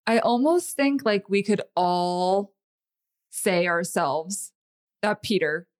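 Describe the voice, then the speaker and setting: A woman from Texas, a podcast guest, answering in a thoughtful, measured way with pauses. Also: mid-range voice. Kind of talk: casual chat.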